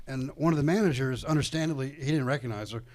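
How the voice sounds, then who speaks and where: A man's voice: mid-range voice, quick pace, darkish tone, dry recording. A man telling a long, profane, rambling story as a podcast guest, full of restarts and quoted voices. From Atlanta comedy scene. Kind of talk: casual storytelling.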